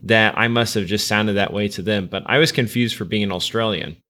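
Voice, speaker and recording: American podcast host guiding the talk. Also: male voice, lowish voice, brisk, bright, forceful tone. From United States. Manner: conversational, guiding the discussion. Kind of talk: casual podcast hosting.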